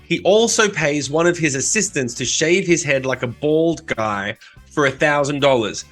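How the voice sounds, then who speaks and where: A man's voice: on the high side, expressive, fairly bright tone, faint music behind. A man co-hosting a casual podcast, recapping and bantering with wry asides. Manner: wry, reacting, quick banter. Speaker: podcast co-host.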